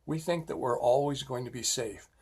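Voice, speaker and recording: A man's voice: mid-range voice, moderate pace, a little mellow, husky. A middle-aged man, a former police officer, giving a blunt safety talk full of personal stories and often checking in with "all right?". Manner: emphatic, repeatedly asks "all right?"; blunt and scolding when making a point.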